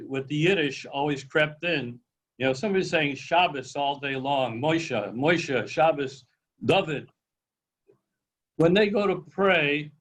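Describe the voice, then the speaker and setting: A man's voice: on the high side, rough recording. A man, a cantor, explaining and correcting points in a casual group discussion over a video call, speaking with some authority.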